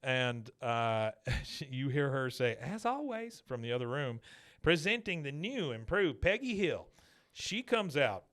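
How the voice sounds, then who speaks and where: A man in an easygoing podcast recap whose pitch swings widely from low to high. He laughs often and slips into the characters' voices as he retells scenes. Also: very animated, a little slow, fairly bright tone. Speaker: podcast co-host. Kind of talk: casual episode recap.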